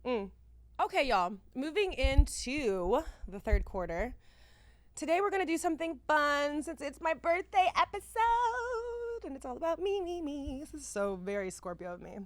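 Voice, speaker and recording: A woman in her thirties hosting a podcast, chatting casually in a lively, slangy, exclamatory way. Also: high voice, normal speed, dry recording. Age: 30s. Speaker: podcast host.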